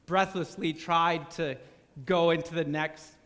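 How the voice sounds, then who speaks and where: A male preacher telling a story in a sermon, animated and often repeating words as he stumbles. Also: fairly high pitch, measured pace, in a large hall.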